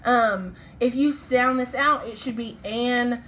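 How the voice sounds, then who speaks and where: A woman's voice: on the high side, unhurried, a bit bright, slight background noise. A woman teacher giving a recorded phonics lesson to children, speaking patiently and sounding out letters and syllables.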